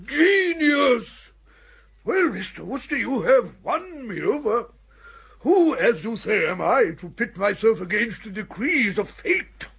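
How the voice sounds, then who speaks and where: An actor playing an elderly, sentimental lord with a high, creaky, husky voice and giggly exclamations, in a radio comedy. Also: male voice, big pitch swings, takes it slowly, a bit bright, exaggerated voice. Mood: delighted. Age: older. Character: elderly pompous male lord, sentimental and easily flattered. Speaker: uncle of the hero.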